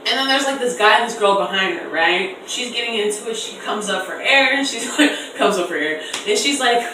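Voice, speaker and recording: A young woman in her twenties telling a storytime on camera in an animated, slangy way, acting out voices in quotes. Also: mid-range voice, a little fast, slight background noise. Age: 20s. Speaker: vlogger. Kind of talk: casual storytime. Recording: echoey room, distant mic.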